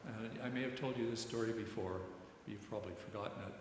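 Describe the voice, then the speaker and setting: An older man, a retired chaplain giving an informal sermon reflection, telling stories in a rambling, halting way with many repeated words. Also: fairly low pitch, steady tone. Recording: very echoey church hall, long reverb, faint background noise.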